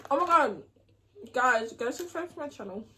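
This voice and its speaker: A woman's voice: sits high, expressive, moderate pace, pushed and bright. A young woman chatting casually with her mother on a vlog. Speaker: vlogger's daughter. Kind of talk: casual mukbang chat.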